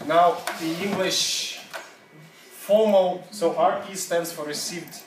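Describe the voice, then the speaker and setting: Man, native Russian speaker, higher voice, roomy classroom, off-mic. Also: steady tone, noisy background. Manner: casual, halting, laughs often. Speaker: seminar teacher. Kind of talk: classroom seminar talk. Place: university classroom. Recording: echoey room from a distance.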